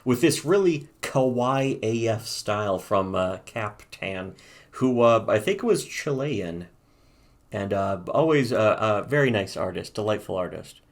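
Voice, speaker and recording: Low-voiced man riffing casually. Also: lively intonation, a little slow. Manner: rambling, profane, laughs while reading comic lines. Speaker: co-host. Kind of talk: casual comedic commentary.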